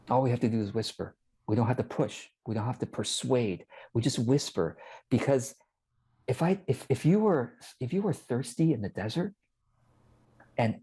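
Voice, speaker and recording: A man's voice: medium pitch, moderate pace, warm tone, slightly rough. A man as an interview guest, explaining casually and animatedly and acting out little quoted exchanges.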